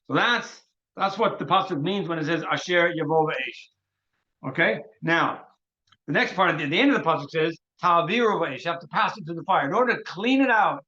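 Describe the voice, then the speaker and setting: A male rabbi with a high, bright voice retells a Talmudic story in an animated lecture. He restarts his phrases often and drops in Hebrew terms as he goes. The recording sounds dull and lo-fi. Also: moderate pace. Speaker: rabbi teaching a workshop.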